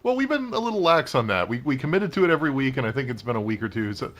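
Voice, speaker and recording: Man, co-host, gaming commentary, wry, lively intonation. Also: mid-range voice, racing. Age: adult. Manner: animated, wry.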